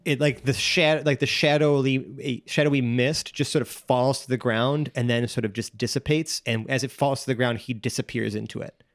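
A man runs a tabletop game at the table, describing scenes in a loose, halting way. He restarts sentences and fills gaps with "like" and "um", and his voice sits at an everyday middle pitch. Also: steady tone, no room sound. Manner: rambling, full of fillers and restarts. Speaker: game master.

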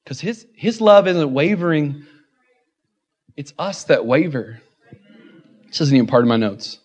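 High-voiced joking pastor preaching a sermon. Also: male voice, measured pace, a little mellow. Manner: joking asides, building to impassioned repeated refrains. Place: church.

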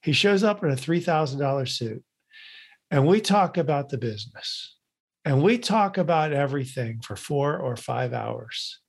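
A man with a gravelly, husky voice, a guest on a casual podcast, telling stories and acting out both sides of the conversations. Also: on the high side, lively intonation, moderate pace. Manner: acts out both sides of the dialogue in his stories.

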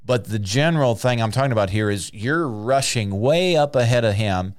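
A man's voice: medium pitch, expressive, normal speed, smooth, dry recording, studio quality. A man preaching an earnest sermon, urging listeners with repeated phrases and frequent restarts.

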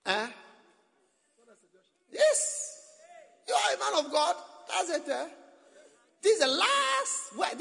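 High-pitched, animated preacher in echoey hall. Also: male voice, slow pace, creaky, long pauses. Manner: animated, swings from low murmurs to shouted exhortation. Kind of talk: sermon.

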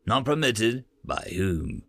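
A man voicing an older male military interrogator who speaks in a measured, precise, enunciated way. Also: mid-range voice, animated, pushed and bright, no echo, exaggerated voice. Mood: cool.

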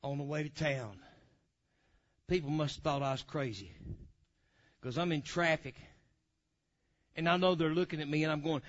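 A man telling a testimony in a sermon, swinging from loud hollering to low, quiet asides. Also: moderate pace, pauses often. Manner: animated storyteller, swings from hollering to low murmurs. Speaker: preacher. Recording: dull lo-fi recording.

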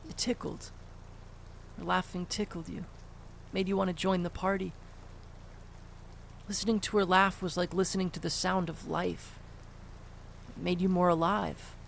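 A man's voice: sits high, gravelly, slight background noise, full character voice. An actor in an audio drama playing a grown son who confronts his father with blunt, cursing sarcasm. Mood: tender. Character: grown son, bitter and sharp-tongued toward his father.

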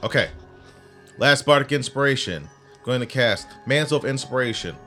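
A man's voice: medium pitch, lively intonation, normal speed, sharp tone, faint music behind. A man playing a tabletop game, reading out rules and correcting himself. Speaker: player. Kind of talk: casual tabletop game talk.

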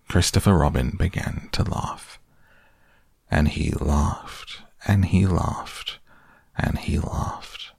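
Slow, deep storybook narrator, male. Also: vocal fry, breathy edge, no room sound, studio quality. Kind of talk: storybook reading aloud.

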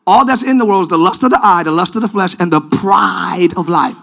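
A man preaching a sermon, shouting call-and-response to his congregation in a church. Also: sits high, brisk, vocal fry. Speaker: pastor. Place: large church. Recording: live church recording with music and congregation.

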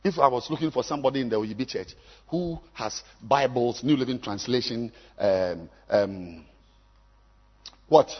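Pastor preaching in a reverberant hall. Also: male voice, moderate pace, lo-fi sound. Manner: swings from low musing to shouted exhortation. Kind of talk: sermon.

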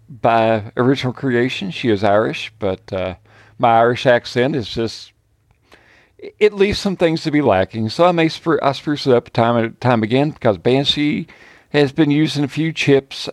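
A man's voice: mid-range voice, dry recording, clean studio sound. A man introducing his character as a player on a tabletop game podcast, rambling and self-deprecating with frequent chuckles. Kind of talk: casual chat.

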